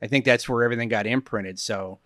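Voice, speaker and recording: A man in his fifties chats loosely on a podcast, rambling and hunting for words between laughs. His voice sits at an ordinary middle pitch. The sound is close and dry, with no room around it. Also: quick pace, a bit bright, dry recording. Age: 50s. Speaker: guest comedian. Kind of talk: casual podcast chat. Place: podcast studio.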